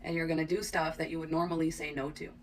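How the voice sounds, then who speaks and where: Brief: low-voiced blunt woman, swears, a bit away from the mic. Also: level tone, fast talker, far from the mic, slight background noise. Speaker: TikTok creator. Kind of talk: opinion rant to camera.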